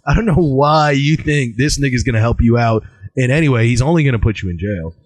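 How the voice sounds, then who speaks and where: A man's voice: mid-range voice, a little fast, no room sound. Guy cohosting a podcast, joking around, voice jumps all over, dry sound. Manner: animated, joking banter. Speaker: podcast co-host. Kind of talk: casual chat.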